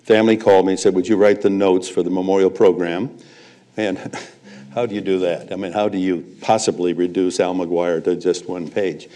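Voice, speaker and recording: Older man telling lively stories. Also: deep voice, normal speed, slight background noise. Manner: lively raconteur, chuckles between punchlines. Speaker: guest, veteran sportscaster. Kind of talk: storytelling anecdotes on stage. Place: live event before an audience.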